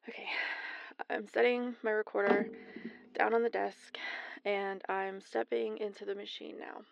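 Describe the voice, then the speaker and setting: A woman playing a frazzled, overworked scientist who has just cloned herself, talking in a flustered, stammering, excitable way in an erotic audio role-play. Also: medium pitch, a little slow, vocal fry, long pauses, no room sound, dull audio. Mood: determined.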